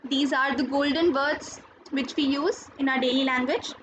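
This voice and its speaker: A woman teaching a recorded school lesson, explaining each word slowly and carefully and repeating it. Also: high-pitched, fairly even intonation. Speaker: French teacher. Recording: dull lo-fi sound, faint noise.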